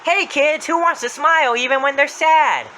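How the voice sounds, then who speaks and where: A man's voice: pushed and bright, a little hiss or hum, poor audio. A man putting on a sing-song killer apple mascot. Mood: sinister cheer. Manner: high sing-song drawn-out threats. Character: menacing cheerful apple mascot killer, male.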